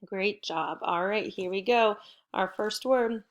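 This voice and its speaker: A middle-aged woman teaching a recorded home lesson to first graders, upbeat and encouraging, speaking slowly and clearly for children. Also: medium pitch, muffled recording.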